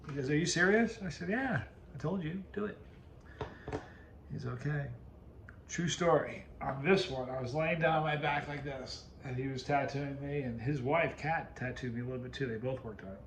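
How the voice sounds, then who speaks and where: A man's voice: mid-range voice, a bit bright, roomy sound, slight background noise. A man hosting his video channel, telling a rambling story to the camera and cutting himself off mid-sentence. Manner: rambling, self-interrupting storyteller. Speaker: video host.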